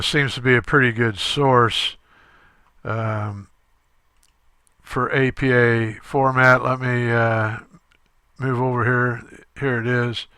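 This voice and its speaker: A male instructor talking through a screen-recorded tutorial step by step, halting often with fillers. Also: medium pitch, pushed and bright, smooth, no room sound.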